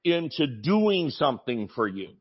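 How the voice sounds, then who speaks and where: A man preaching a sermon as a pastor, animated, with shouted exclamations and joking asides. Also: mid-range voice, a little slow, slightly rough, dull audio.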